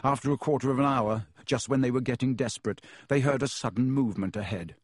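Homme, narrateur de livre audio, son sec. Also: male voice, medium pitch, quick pace, no room sound, studio quality. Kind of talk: scripted storybook narration.

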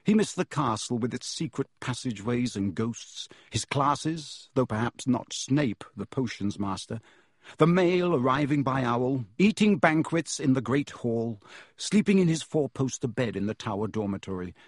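Husky-voiced male audiobook narrator. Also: mid-range voice, expressive, normal speed, no room sound, studio quality.

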